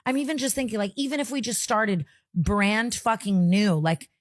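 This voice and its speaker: A woman's voice: mid-range voice, moderate pace, no echo. Tearful young woman, close to crying. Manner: tearful, filler-heavy storytelling. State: close to tears. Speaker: podcast host. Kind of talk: emotional casual chat.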